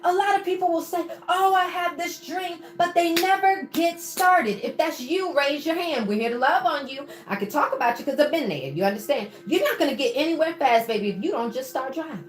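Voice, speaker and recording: A woman's voice: sits high, a little fast, few pauses. A woman giving a live-streamed motivational talk, preaching and encouraging, calling listeners baby and asking them to answer back. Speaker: motivational coach on a livestream. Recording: roomy echo with faint music.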